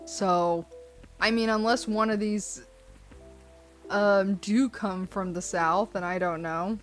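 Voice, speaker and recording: A woman's voice: mid-range voice, fairly even intonation, takes it slowly, soft background music. A woman casually commenting while streaming a cozy game, rambling and self-deprecating. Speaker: let's play streamer.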